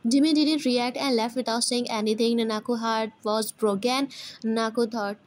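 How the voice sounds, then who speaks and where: A woman's voice: fairly high pitch, fairly even intonation, moderate pace. A woman reading a fan story aloud in plain, simple phrasing. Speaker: fan fiction reader.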